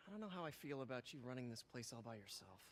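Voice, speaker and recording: A man's voice: medium pitch, big pitch swings, quick pace, a little hiss or hum, natural voice. A man plays an awkward young man who hesitates and trips over his words. A plain mid-range voice in a video game cutscene. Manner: hesitant, stammering.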